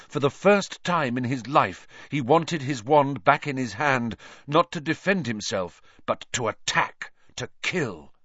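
Slow, lively male audiobook narrator. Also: medium pitch, dry recording, highs cut off. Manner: dramatic, lively reading.

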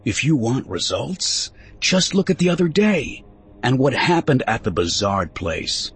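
A man's voice: medium pitch, big pitch swings, a little slow, slightly rough, pitched above the performer's own voice, exaggerated voice. A man voicing an earnest, slightly awkward young settler who argues and pleads his case in a spoken story. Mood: persuasive.

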